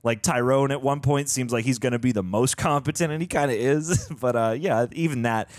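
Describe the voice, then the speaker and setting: A man's voice: mid-range voice, fairly quick, no echo, clean studio sound. A young man co-hosting a movie reaction, chatting casually, reading trivia aloud with many fillers and restarts.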